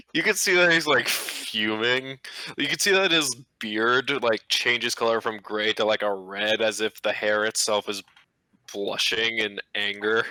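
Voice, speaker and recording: Bright-voiced man narrating a tabletop game. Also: fairly low pitch, steady tone, unhurried, no room sound, rough recording. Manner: loose, rambling narration with fillers. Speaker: game master.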